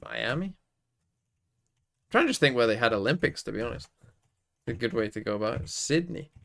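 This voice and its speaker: Gravelly man muttering quiz guesses. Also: mid-range voice, expressive, brisk, fairly bright tone. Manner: muttering guesses with frequent swearing. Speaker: streamer. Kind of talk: casual live-stream commentary while playing quiz games.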